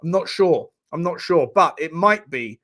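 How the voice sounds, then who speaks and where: A man's voice: on the high side, animated, moderate pace, fairly bright tone. A man hosting a casual football watchalong stream, rambling and joking with frequent stammering restarts. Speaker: football channel host.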